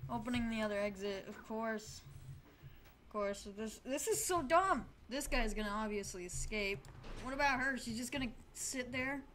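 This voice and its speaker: A woman hosting a gaming channel, giving casual, excitable commentary while she plays, often pleading and shouting at the game. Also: on the high side, normal speed, a little hiss or hum. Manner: excitable, frequent exclamations and pleading.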